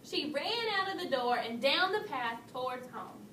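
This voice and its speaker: High-voiced woman reading a storybook. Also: moderate pace, far from the mic. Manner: expressive read-aloud, raising pitch for the bears' lines. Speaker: storybook reader. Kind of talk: reading a children's story aloud. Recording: echoey room, voice from off-mic, faint hiss.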